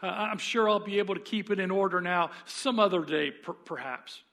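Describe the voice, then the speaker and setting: A man's voice: sits high, brisk, pushed and bright. A man voicing a frightened male ghost who stammers and pleads as he clings to his sin, during a sermon reading. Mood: evasive.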